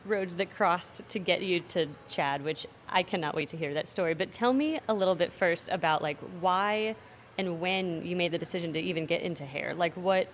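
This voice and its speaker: A woman's voice: on the low side, moderate pace, a little hiss or hum. A woman hosting a podcast interview, asking questions and adding short encouraging remarks. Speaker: podcast host. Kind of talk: conversational interviewing.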